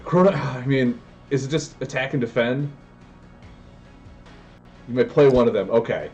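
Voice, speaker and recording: A man commentating his own card game live, excitable and prone to yelling and tangents. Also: medium pitch, moderate pace, soft background music. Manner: excitable, yells in bursts, goes on tangents.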